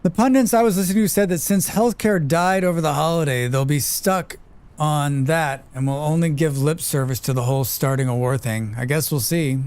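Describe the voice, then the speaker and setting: Chatty man, fairly high, smooth voice. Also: a little fast, darkish tone. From United States. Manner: loose and chatty, swears freely, laughs often. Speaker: livestreamer. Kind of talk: casual chat while playing, reading chat aloud.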